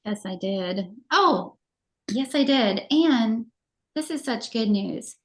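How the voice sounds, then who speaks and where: A middle-aged woman co-hosting a casual chat show, telling animated stories and laughing often. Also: fairly high pitch, slow pace. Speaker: podcast co-host.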